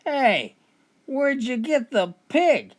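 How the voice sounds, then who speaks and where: A man voicing a drunk man in a joke, who talks with a slow, high, teasing delivery. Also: very animated, exaggerated voice. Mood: cheeky. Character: drunk man leaving a tavern, cheeky.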